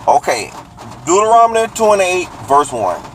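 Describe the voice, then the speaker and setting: A man casually teaching from the Bible, breaking down the meaning of words and rereading verses slowly. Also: sits high, wildly swooping pitch, slight background noise, poor audio.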